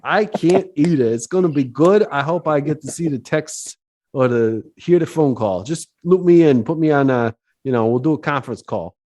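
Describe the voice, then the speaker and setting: A man's voice: a little high, lively intonation, moderate pace, a little mellow. A man hosting a podcast in loose, joking casual chat, full of fillers and swearing. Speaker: podcast host.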